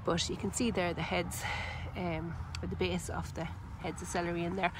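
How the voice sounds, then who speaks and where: A woman's voice: on the low side, level tone, noisy background. Chatty Irish woman touring her garden. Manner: chatty and unhurried, with frequent ums and self-corrections. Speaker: home gardener and channel host. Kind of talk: casual garden walkthrough. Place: outdoors in a vegetable garden.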